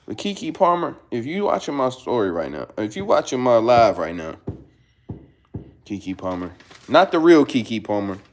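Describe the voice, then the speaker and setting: A man's voice: medium pitch, sing-song, moderate pace. A man ranting casually to his livestream chat in a rambling, profane, preachy way. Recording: roomy echo.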